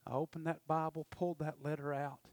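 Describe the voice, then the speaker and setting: Man, preacher, high voice, dry close sound, impassioned testimony. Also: flat delivery, brisk, no echo. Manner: impassioned storytelling, swings from loud to hushed. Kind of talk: sermon testimony.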